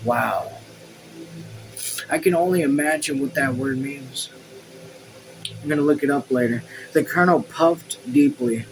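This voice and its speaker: A man's voice: mid-range voice, a little slow, pauses often, noisy background. A man reading a novel aloud at home, casual, stumbling over words and swearing in asides. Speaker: audiobook reader. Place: home room.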